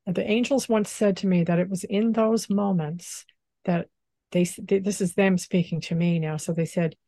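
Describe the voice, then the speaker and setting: A woman speaking as a spiritual teacher in an interview, gentle and unhurried, often saying "you know". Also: on the low side, steady tone, no echo. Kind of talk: calm spiritual interview talk.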